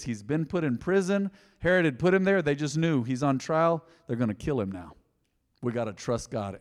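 A man preaching a sermon, telling a story and acting out the lines with lively swings in loudness. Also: mid-range voice, in a large hall. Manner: animated preaching, acting out quotes. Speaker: pastor.

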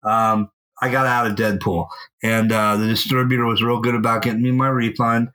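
Bright-voiced man telling a story casually. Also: fairly low pitch, moderate pace, low-quality recording. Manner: animated, profane storyteller. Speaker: podcast co-host. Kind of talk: casual chat. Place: at home.

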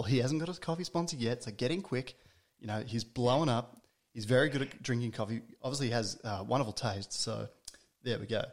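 Male host, conversational, teasing, mid-range voice. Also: medium pitch. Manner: chatty, teasing, stumbling restarts. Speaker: podcast host. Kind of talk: casual interview chat.

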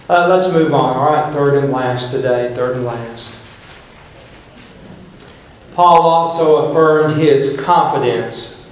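A male pastor preaching a sermon, emphatic, and painting scenes as he tells the story. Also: mid-range voice. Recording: very echoey church room.

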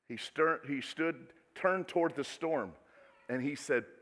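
A male pastor preaching a sermon, swinging from quiet asides to loud, dramatic exclamations. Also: fairly high pitch, moderate pace. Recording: echoey hall with long reverb.

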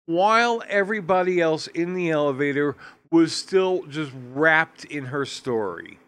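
A man co-hosting a casual film review chat in a deliberate, dry way. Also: a little high, expressive, fairly bright tone, clean tone, no room sound. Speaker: podcast co-host reviewing films.

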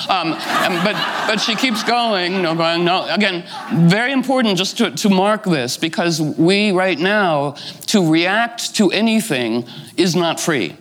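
A man's voice: high voice, lively intonation, measured pace, fairly bright tone, low-quality recording. A middle-aged man retelling a fairy tale informally, rambling with asides and many "you know" fillers. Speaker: storyteller.

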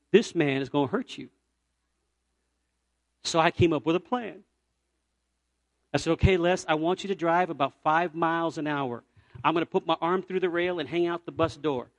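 Male evangelist from Puerto Rico, high voice, dry close sound, storytelling sermon, shifts from loud to hushed. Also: normal speed, pauses often, no room sound. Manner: animated storyteller, swings from loud cries to near-whispers. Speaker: evangelist preacher.

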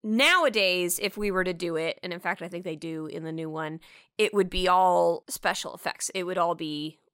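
A woman co-hosting a casual film review podcast, animated and swearing casually. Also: on the low side, normal speed, smooth, no echo, clean studio sound. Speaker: podcast co-host.

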